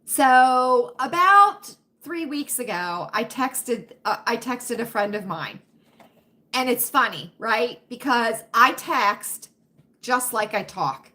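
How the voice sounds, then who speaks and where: A bright, fairly high-pitched woman from the United States hosts a livestream chat, talking slowly and unhurriedly. She keeps checking in with "right?" and now and then sinks to a hushed whisper, as if telling a secret. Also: animated. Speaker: livestream host. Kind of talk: casual chat with live viewers.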